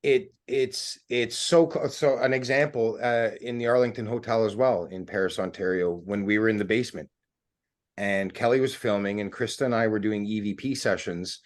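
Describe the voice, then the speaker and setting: A man, a paranormal investigator, recounting an experience in casual talk, animated and tripping over his words. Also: fairly low pitch, moderate pace. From Canada. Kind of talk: casual conversational interview.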